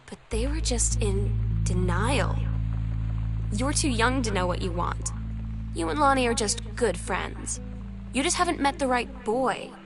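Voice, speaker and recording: Teen girl reading her journal in a game, slow unhurried delivery, wry and confiding, music playing underneath. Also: a little high, expressive. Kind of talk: game voice-over narration.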